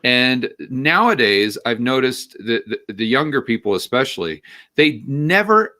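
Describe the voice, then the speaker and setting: A man talking as a guest in a casual podcast conversation, animated, often repeating words as he starts a sentence. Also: medium pitch, measured pace. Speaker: interview guest, finance commentator.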